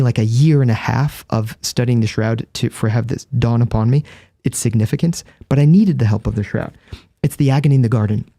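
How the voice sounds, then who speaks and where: A man's voice: medium pitch, vocal fry, mellow, no room sound. A man, a Catholic priest and guest, explaining in earnest, vivid storytelling with a close studio microphone. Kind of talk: conversational explanation.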